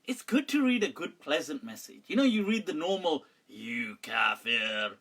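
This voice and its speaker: A man hosting a live question-and-answer show, telling stories in an animated way, ranting with mock exasperation and laughing often. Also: high voice, a little fast, husky. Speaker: mufti answering viewer questions. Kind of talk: live Q&A chat.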